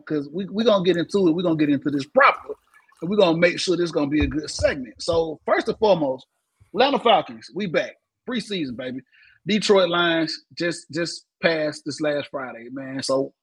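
Sports talk host, man, husky, laid-back. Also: on the high side, a bit bright, rough recording. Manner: laid-back, says "man" at the end of many lines. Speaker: podcast host.

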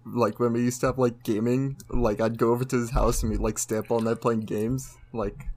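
A man's voice: medium pitch, little pitch movement, fairly quick, darkish tone. A young man from Canada, co-hosting a casual chat, telling stories full of fillers and swearing. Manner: filler-heavy storytelling, swearing, laughing. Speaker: podcast co-host.

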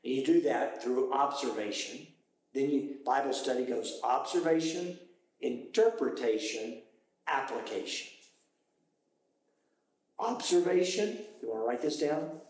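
A British man leading a Bible study group, teaching with lively, animated explanations and sudden exclamations. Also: mid-range voice, unhurried, pauses often. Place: room with a small study group. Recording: echoey, poor quality recording.

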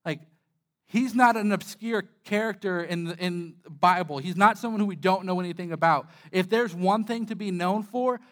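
A man's voice: high-pitched, normal speed. A young man, a church pastor, giving a sermon in a candid, self-deprecating, conversational way, with frequent "uh" fillers.

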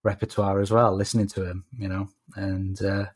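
Soft-spoken South Welsh man. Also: deep voice, flat delivery, normal speed. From Wales. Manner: hesitant, many fillers and restarts. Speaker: podcast guest. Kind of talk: casual podcast chat.

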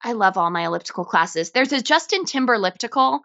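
A woman from Los Angeles, a fitness instructor, chatting on a podcast in an upbeat, animated way. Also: on the high side, fast, vocal fry, muffled recording. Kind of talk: casual podcast chat.

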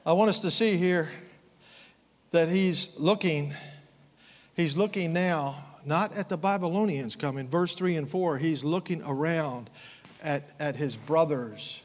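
A man preaching a sermon, fervent, swinging from quiet, low passages to impassioned raised outbursts. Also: a little slow, big-room sound.

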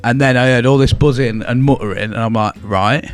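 A man's voice: medium pitch, a little fast, faint music behind. A man co-hosting a podcast, telling a ghost story among friends with plenty of swearing and acted-out quotes. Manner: swears freely, animated retelling with voiced quotes. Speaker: podcast co-host.

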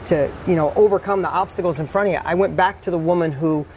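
A middle-aged man telling his life story as a podcast guest, animated and blunt, swearing freely. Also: high voice, fast, a little hiss or hum. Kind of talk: candid storytelling.

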